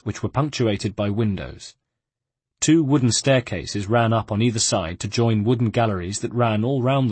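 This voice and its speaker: A man reading a novel aloud as an audiobook narrator in a measured, even way. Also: lowish voice, husky, no room sound. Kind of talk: scripted narration.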